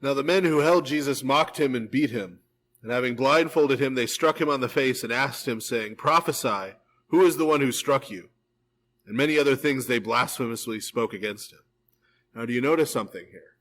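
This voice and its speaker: A man, a priest, leading a live verse-by-verse Bible study in a church, reading scripture and retelling it in a casual, lively way with frequent "right?" asides. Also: mid-range voice, brisk, poor audio. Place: church hall, recorded live.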